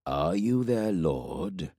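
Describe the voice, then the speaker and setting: A man voicing a hulking giant warlord, calm and menacing, in an audiobook, speaking slowly and deliberately. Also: husky, dry recording, clean studio sound, heavily acted. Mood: measured menace. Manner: slow, deliberate, rumbling.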